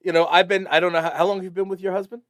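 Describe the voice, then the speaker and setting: A middle-aged man with an East Coast American accent co-hosting a podcast, chatting in a rambling, animated way with frequent fillers. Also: high-pitched, racing, no room sound. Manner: rambling, animated, swears casually. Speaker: podcast co-host. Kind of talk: casual chat.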